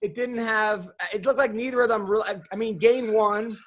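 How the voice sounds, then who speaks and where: A man's voice: high voice, steady tone, normal speed, a bit bright. A man hosting a podcast, telling rambling comic stories in casual chat, swearing freely and restarting his sentences. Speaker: podcast host.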